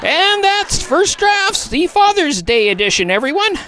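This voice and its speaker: A woman's voice: extremely high pitch, sing-song, unhurried, pushed and bright, a little hiss or hum, full character voice. A woman voicing an exasperated, sarcastic male bear who hosts a puppet late-night comedy show. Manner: sarcastic, exasperated, sighing asides. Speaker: host.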